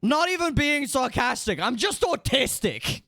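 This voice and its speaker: Young guy streaming games, high voice, super bouncy, rambly and self-mocking. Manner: rambling, excitable, self-mocking, quick jumps in pitch. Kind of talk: casual gaming livestream chat.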